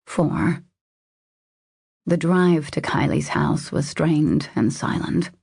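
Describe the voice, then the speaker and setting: Low gravelly woman reading an audiobook. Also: big pitch swings, slow, darkish tone, no room sound, clean studio sound. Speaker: audiobook narrator. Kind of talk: scripted narration.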